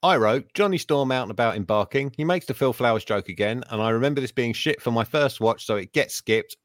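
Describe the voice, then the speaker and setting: A man's voice: mid-range voice, lively intonation, a little fast, no echo, clean studio sound. A man, co-hosting a casual podcast chat, sardonic and swearing, often mimicking people in quoted bits. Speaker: podcast co-host.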